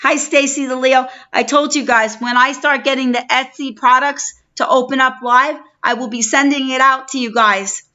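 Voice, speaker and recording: A woman's voice: high voice, steady tone, normal speed, hardly any pauses, bright, forceful tone. A middle-aged woman from New York with a New York accent, hosting a live stream and chatting effusively with viewers by name. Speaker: livestream host. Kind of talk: casual live-stream chat. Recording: dull lo-fi stream audio.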